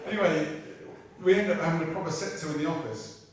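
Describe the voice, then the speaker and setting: A man's voice: fairly high pitch, fast. A middle-aged British man, a racing driver guest, telling comic anecdotes at a live evening in a chatty, irreverent way that includes swearing. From Britain. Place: large room at a live talk event. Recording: echoey hall from far off.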